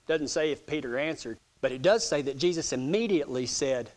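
A man's voice: fairly high pitch, expressive, a little fast. A man preaching a sermon in a folksy, storytelling way, often repeating words as he goes.

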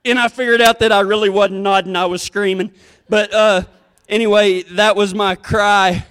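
High, smooth-voiced man telling yarns. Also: level tone, moderate pace, a bit bright. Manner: drawling, folksy, self-mocking. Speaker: storyteller. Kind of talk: country stand-up storytelling.

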